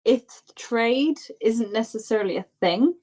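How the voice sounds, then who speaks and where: A woman runs a tabletop game and describes the world in loose, restarting sentences. Her voice is a bit high for a woman. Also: lively intonation, unhurried, darkish tone, faint music behind. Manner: stumbling, self-correcting narration. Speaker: game master.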